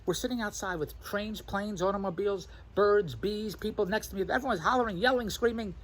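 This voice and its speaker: A man in a rambling, animated vlog monologue who keeps imitating other people's voices as he tells his stories. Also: sits high, fairly quick, rough recording. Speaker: vlogger. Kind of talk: rambling self-recorded monologue.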